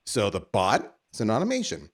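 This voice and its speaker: A man's voice: on the low side, huge pitch swings, moderate pace. A man with a Canadian accent hosting a podcast, delivering a theatrical, teasing rant that builds to punchlines. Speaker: podcast host. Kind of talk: ranting podcast monologue.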